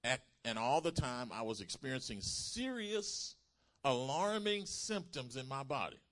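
A man preaching a sermon, retelling a healing testimony and building to loud, emphatic calls to the congregation. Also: medium pitch, very animated, a little slow.

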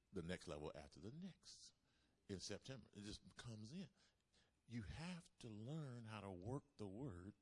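A man preaching a sermon, repeating key lines for emphasis and calling on the congregation to answer back. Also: deep voice. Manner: call-and-response preaching with emphatic repetition. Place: church service.

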